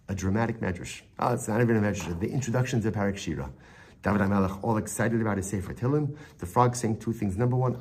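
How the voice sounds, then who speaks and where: A man's voice: lowish voice, fast, darkish tone, breathy edge. A man giving a Torah lesson as a rabbi, telling the story with Hebrew phrases woven in and often repeating words as he thinks.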